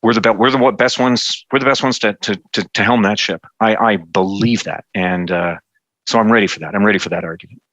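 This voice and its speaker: Animated Canadian man chatting, bright voice. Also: on the low side, fairly quick, no echo, lo-fi sound. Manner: animated, stumbling restarts, acts out quotes. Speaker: federal cabinet minister, interview guest. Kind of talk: casual interview chat.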